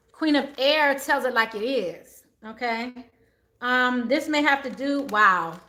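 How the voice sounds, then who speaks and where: Woman tarot reader, high bright voice, animated, repeats herself, middle-aged. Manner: animated, exclaiming, repeats phrases. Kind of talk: live tarot reading advice.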